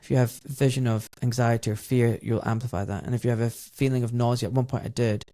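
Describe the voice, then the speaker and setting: A man's voice: mid-range voice, steady tone, fast talker, mellow, no echo, studio quality. A middle-aged man hosting a podcast, telling a personal story in an emotional, reflective way. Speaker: podcast host. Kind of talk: conversational interview.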